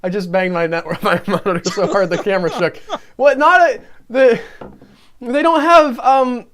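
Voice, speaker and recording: A man's voice: sits high, fairly even intonation, moderate pace, fairly bright tone. A man co-hosting a live-streamed movie review podcast in casual chat, talkative and self-deprecating, often laughing. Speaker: podcast co-host.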